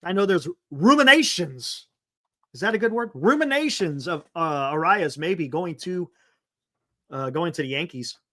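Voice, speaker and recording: Chatty bright-voiced man hosting a sports stream. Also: on the high side, animated, measured pace. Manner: loose and chatty, laughs often, many fillers. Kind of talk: casual live-stream chat reading viewer comments.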